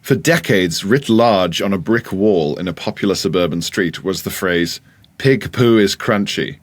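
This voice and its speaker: A man's voice: deep voice, moderate pace. A man co-hosting a comedy podcast, reading listener emails aloud with dry, playful comic timing. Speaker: podcast co-host.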